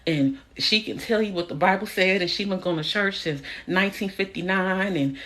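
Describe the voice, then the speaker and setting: A woman's voice: medium pitch, moderate pace, a bit bright. A woman giving a preachy spiritual monologue on a phone livestream, emphatic and repetitive, frank and swearing casually, sometimes scolding an imagined person directly. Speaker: spiritual content creator.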